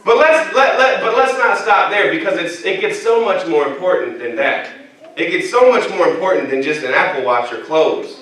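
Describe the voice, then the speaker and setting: A man's voice: high-pitched, moderate pace. A man preaching a sermon as pastor, telling funny stories about himself and bantering with the congregation. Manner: animated, humorous storytelling with congregation banter. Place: church sanctuary. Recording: echoey church hall from a distant mic.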